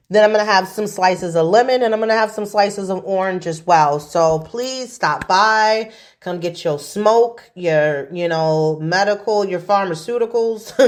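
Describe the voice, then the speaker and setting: A woman in her forties hosting a casual chat show, telling stories in a chatty, profane way. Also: medium pitch. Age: 40s. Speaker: host.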